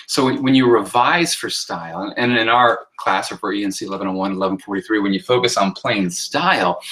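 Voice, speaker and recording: A man lecturing on sentence style as a writing instructor, moving through his slides in a loose, conversational way. He fills pauses with ums and uhs and lifts his voice to act out sample sentences. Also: mid-range voice, a bit bright, poor audio. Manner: conversational teaching with many fillers, acting out example sentences in a lifted voice.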